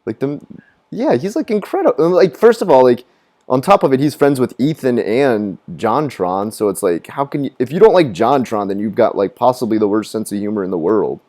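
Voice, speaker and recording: A man chatting on a live stream, rambling and profane, with a pitch that swings widely between low mutters and high bursts. He laughs at his own jokes and mocks other people in squeaky voices. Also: expressive, brisk, darkish tone. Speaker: gaming streamer. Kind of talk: casual live-stream chat. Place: living in Japan.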